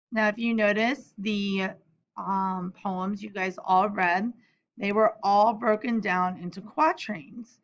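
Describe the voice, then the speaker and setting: Young adult female teacher, friendly and explanatory, mid-pitched, slightly muffled lo-fi recording. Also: fairly bright tone. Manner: friendly, explanatory, casual asides. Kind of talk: recorded lesson for students.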